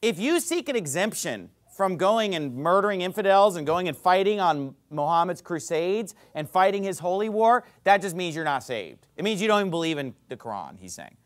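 A male pastor preaching a fiery, impassioned sermon that rises to shouts. He says himself that he is getting worked up. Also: high voice, big pitch swings, normal speed, hardly any pauses.

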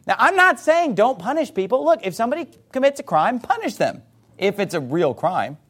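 High, animated male preacher. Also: fairly quick, breathy edge. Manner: forceful, emphatic preaching with rhetorical questions. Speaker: pastor. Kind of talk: sermon.

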